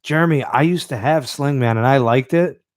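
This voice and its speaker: A man's voice: mid-range voice, moderate pace, no echo. Casting: easygoing male podcast host, mid-range voice, dry close mic, loose chatty delivery. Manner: laid-back, reads out live chat, many fillers. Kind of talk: live-stream podcast chat.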